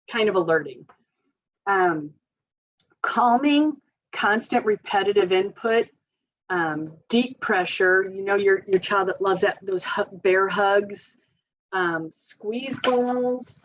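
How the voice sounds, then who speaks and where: A woman's voice: mid-range voice, slow pace. Female occupational therapist, informal and chatty, mid-range voice, muffled recording. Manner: chatty, informal, many fillers, laughs often. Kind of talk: parent training presentation.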